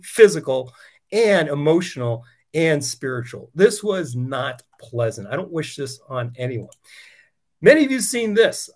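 Male preacher, fairly high lively voice, chatty testimony sermon with rhetorical questions. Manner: animated, conversational, many rhetorical questions.

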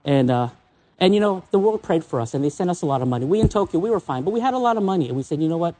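A man preaching a sermon in a church as a visiting preacher, emotional and personal, swinging between excited highs and soft, low asides. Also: very fast.

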